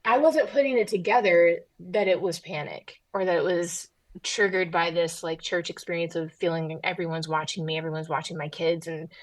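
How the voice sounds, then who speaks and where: A Tennessee woman from the Southern US, a pastor's wife and comedian, tells stories as a guest on a casual podcast interview. Her voice sits on the low side, in a rough recording with no echo. She is an animated storyteller who throws in quick asides.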